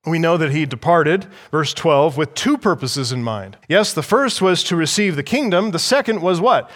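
A pastor preaching an expository sermon in a measured, emphatic way. He teaches by asking the listeners rhetorical questions and repeating key phrases. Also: fairly high pitch, lively intonation, fairly bright tone, big-room sound.

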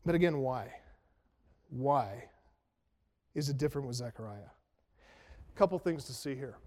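His voice is medium-pitched, expressive and a little mellow, moving at normal speed as the pastor works through an expository sermon. He talks conversationally, tossing out rhetorical questions and self-deprecating humor, while a large hall's long reverb trails each line.

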